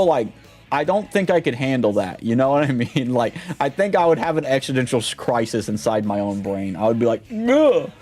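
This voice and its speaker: A man's voice: medium pitch, a little mellow. Rambling young man streamer chatting. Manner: rambling, filler-heavy. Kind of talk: casual live-stream chat.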